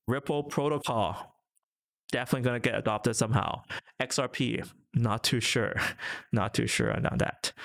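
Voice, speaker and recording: A man's voice: medium pitch, creaky, a bit bright. A man hosting a casual live stream from his office, rambling with many fillers and restarts while reading viewer comments. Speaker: crypto live stream host.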